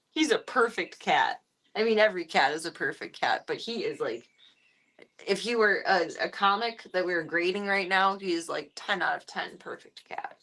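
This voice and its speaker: A woman's voice: on the low side, moderate pace, a bit bright. A woman live-streaming, talking casually to her viewers and cooing baby-talk at a foster cat. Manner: coos and baby-talks to the cat between chatty asides.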